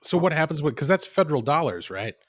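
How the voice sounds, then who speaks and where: A man's voice: a little high, big pitch swings, quick pace. A man hosting a political podcast, making dry, wry remarks in casual chat. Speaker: podcast host.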